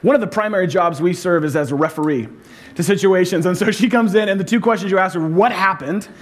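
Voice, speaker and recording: Guy preaching, kinda high voice, chatty and funny, tells stories to make his point. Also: fast talker. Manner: humorous storytelling, conversational. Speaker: pastor. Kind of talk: sermon.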